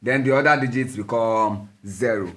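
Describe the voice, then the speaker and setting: A man's voice: fairly low pitch, moderate pace, a bit bright. A man teaching a step-by-step maths tutorial, patient and methodical, counting digits aloud as he works.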